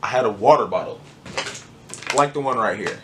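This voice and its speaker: A man telling a personal story to camera in a casual, animated, joking way. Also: medium pitch, moderate pace, background noise. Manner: animated, joking, acts out moments. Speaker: vlogger.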